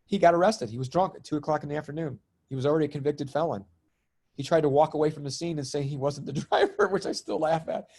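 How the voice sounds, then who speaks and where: A middle-aged man telling personal stories in conversation, lively and laughing often, acting out the voices of people in them. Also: on the high side, fast talker, creaky. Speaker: guest, spiritual comedian and healer. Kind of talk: animated storytelling in conversation.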